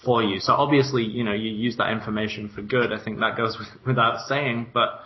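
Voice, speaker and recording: This co-host has a fairly low voice with fairly even intonation and a brisk delivery, and the highs are cut off in the audio. He chats on a business podcast, explaining things eagerly and talkatively with light laughs.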